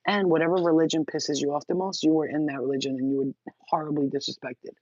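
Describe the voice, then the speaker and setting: A woman's voice: deep voice, fairly even intonation, quick pace, a little mellow, no echo. Woman vlogger, crude and blunt, laughs a lot, dull dry muffled recording. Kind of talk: casual rambling monologue.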